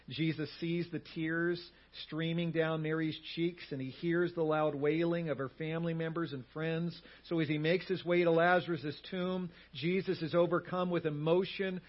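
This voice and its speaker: A male pastor preaching a sermon, swinging from loud emphatic lines to hushed, quiet words. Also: a little high, dull audio.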